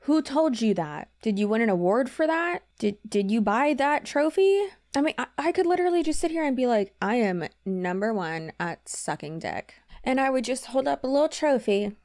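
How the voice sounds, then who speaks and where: A woman's voice: sits high, expressive, fairly quick, hardly any pauses, a little mellow. A woman giving sarcastic reaction commentary in a blunt, mocking, profane way. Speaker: commentary youtuber.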